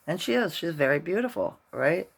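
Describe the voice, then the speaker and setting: A man's voice: a little high, lively intonation, normal speed, gravelly, a bit bright. A middle-aged man vlogging casually, rambling through a story and tagging his sentences with "right?".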